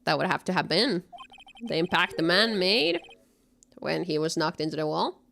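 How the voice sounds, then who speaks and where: A woman's voice: fairly low pitch, expressive, normal speed, vocal fry, fairly bright tone, a little hiss or hum. A woman reading a confident young male defense lawyer's courtroom lines aloud from a game, with a Finnish accent. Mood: theatrical.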